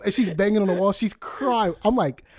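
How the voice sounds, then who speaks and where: A young man telling a story in a casual podcast chat, animated and profane, laughing often. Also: high-pitched, a little fast. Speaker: podcast co-host.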